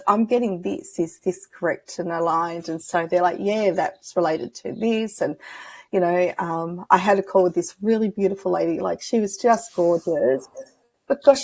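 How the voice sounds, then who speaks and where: On an interview show, a spiritual medium shares personal stories with a chatty, reflective feel, voicing the conversations she recalls. She speaks in a medium-pitched voice with a darkish tone.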